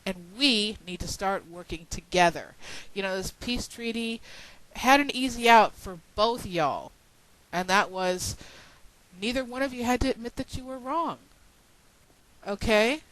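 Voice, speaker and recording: A woman's voice: a little high, fairly bright tone, dry recording, poor audio. A woman ranting into a webcam at home, exasperated and sarcastic, swearing as she scolds her community. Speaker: video blogger. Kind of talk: frustrated webcam rant.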